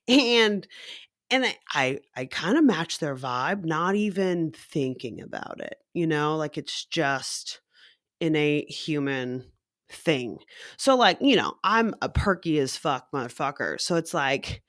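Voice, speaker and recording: A young woman talks through a casual vlog in a lowish voice that leaps high whenever she mimics someone. She is slangy and swears freely, laughing as she goes. The sound is close and dry. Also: lively intonation, a little slow, dry recording. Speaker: vlogger.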